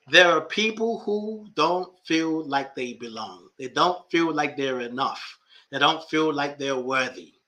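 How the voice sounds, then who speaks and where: A man's voice: mid-range voice, pushed and bright. A man hosting a podcast as a life coach, speaking emphatically and talking straight to his listeners in a reflective monologue. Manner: emphatic, talks to listeners directly.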